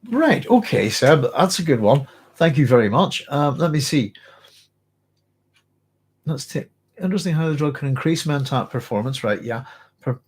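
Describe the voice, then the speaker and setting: A man's voice: medium pitch, sing-song, moderate pace, long pauses, breathy edge. Musing man hosting a book club. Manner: thoughtful, rambling, many ums and restarts. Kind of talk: casual live book discussion, reading aloud and chatting.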